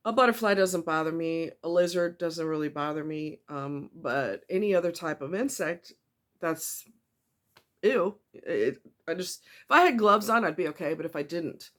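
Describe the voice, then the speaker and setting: Emotional woman vlogger, halting and blunt. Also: low voice, fairly bright tone. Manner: halting, frequent ums and restarts, blunt swearing. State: emotional, tight throat. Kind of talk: personal confessional vlog.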